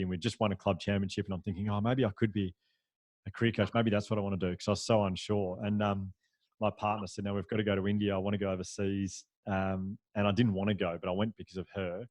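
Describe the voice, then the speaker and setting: A man, a podcast guest, telling a story in a lively, anecdotal way, with frequent restarts and fillers. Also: low voice, quick pace, dry recording. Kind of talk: storytelling in a conversational interview.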